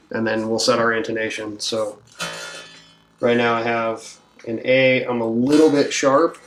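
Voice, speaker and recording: A man who builds guitars walks through a setup at his workbench, relaxed and thinking aloud as he works. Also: medium pitch, measured pace, soft background music. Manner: relaxed, thinking aloud while working, with fillers. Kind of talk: hands-on instructional walkthrough.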